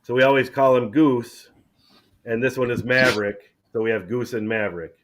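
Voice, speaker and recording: Middle-aged male host, easygoing talker who stumbles into his sentences, mid-pitched voice. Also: normal speed, a little hiss or hum. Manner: relaxed, chatty, repeats words when starting a thought. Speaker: channel host. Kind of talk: casual chat.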